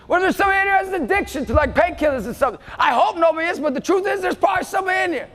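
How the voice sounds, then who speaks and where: A male motivational speaker giving an energetic talk to students, often shouting to rally them. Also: extremely high pitch, very fast, hardly any pauses. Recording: reverberant hall, faint music behind.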